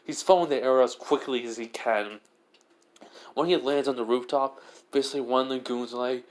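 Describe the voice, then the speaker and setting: A man's voice: medium pitch, a little fast. A young man improvising a fan story aloud, rambling with many fillers.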